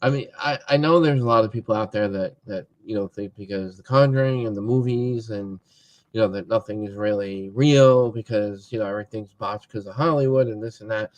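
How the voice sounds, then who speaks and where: A man hosting a podcast in a relaxed, casual interview, giving easy agreeing replies. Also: fairly low pitch, a little fast, no echo. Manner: relaxed, agreeable, many back-channel replies. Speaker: podcast host. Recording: dull lo-fi audio.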